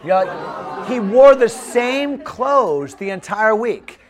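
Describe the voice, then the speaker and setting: Man, pastor telling a funny story in a sermon; high and very expressive pitch, repeats lines for laughs. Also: slow pace, a faint crowd, a little hiss or hum. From United States. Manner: animated, comic, repeats phrases.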